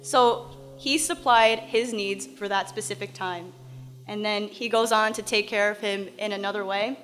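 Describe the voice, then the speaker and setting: A woman's voice: mid-range voice, steady tone, unhurried, a bit bright, soft background music. A woman teaching from the Bible, reading verses aloud and then explaining them in a casual, conversational way.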